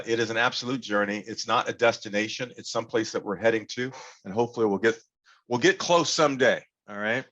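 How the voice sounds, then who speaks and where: Male workshop speaker on a video call, animated and engaging, medium voice, slightly muffled audio. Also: mid-range voice. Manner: animated, engaging, leads audience call-and-response. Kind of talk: interactive online workshop talk.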